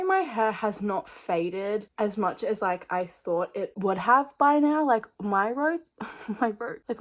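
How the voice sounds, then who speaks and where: A young woman chatting casually to camera, rambling and full of "like". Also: medium pitch. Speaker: vlogger.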